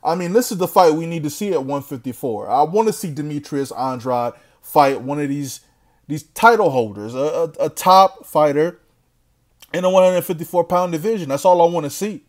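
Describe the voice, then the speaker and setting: A man's voice: a little high, moderate pace, darkish tone. A man giving a casual, blunt, trash-talking rant as a boxing commentator and laughing often.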